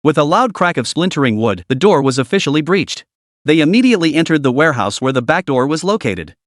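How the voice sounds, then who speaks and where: A man narrating a web novel audiobook with lively, dramatic storytelling. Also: fairly high pitch, quick pace, no echo, studio quality.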